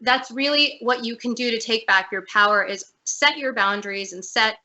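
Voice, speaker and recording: A woman's voice: on the high side, moderate pace, sharp tone. A woman guest on a video-call interview, telling a personal story in a candid, earnest way. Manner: earnest, candid, emotional at times.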